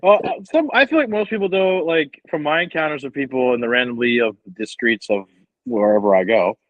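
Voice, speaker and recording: A man's voice: medium pitch, lively intonation, a little fast, dry recording, lo-fi sound. A man co-hosting a podcast, talking loosely and profanely about positivity and good people. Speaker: podcast co-host. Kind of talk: casual podcast chat.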